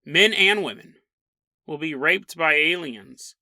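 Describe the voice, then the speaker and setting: A man hosting a podcast, telling a strange story in a chatty, animated way. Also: on the high side, slow, no echo. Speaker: podcast host. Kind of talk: casual solo podcast monologue.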